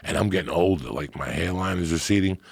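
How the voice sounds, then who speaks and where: A middle-aged man telling profane stories in a casual chat, getting animated as he goes. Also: low voice, quick pace, gravelly, slightly rough, no echo.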